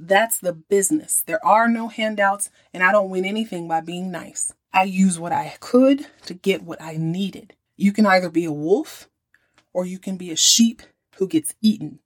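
A woman's voice: on the low side, moderate pace, dry recording, studio quality, close to an everyday voice. Blake, a woman voicing a ruthless proud tycoon. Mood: boastful. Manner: boastful, dismissive. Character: ruthless proud middle-aged male tycoon.

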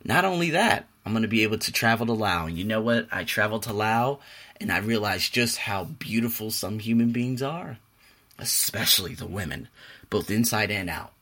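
Animated bright-voiced male podcast host. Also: fairly low pitch, moderate pace. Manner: emphatic, animated, motivational. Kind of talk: reading a self-help book aloud, then casual monologue.

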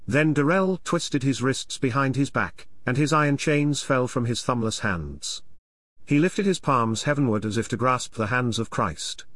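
Dry, measured male audiobook narrator. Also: medium pitch, no echo. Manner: measured, dramatic storytelling. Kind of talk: scripted narration.

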